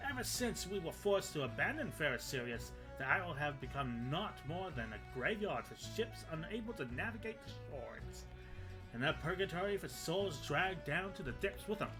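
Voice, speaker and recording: A man's voice: a little high, very animated, normal speed, pitched above the performer's own voice, rough recording. A man voicing a grave townsman with solemn, archaic wording. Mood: grim. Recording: game music behind.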